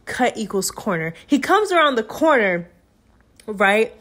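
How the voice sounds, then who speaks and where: A young woman with a slightly high voice tells a movie's plot like gossip to a friend. She is chatty and animated and slips into quick impressions of the characters. It is a casual recap for her channel. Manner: chatty, animated storytelling with acted-out quotes.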